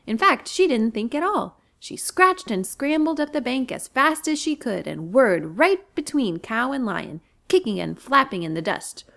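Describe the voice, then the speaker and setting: A woman reads a children's storybook aloud as a librarian. Her pitch swings widely and the delivery is animated. She sounds expressive and clear. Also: moderate pace, hardly any pauses.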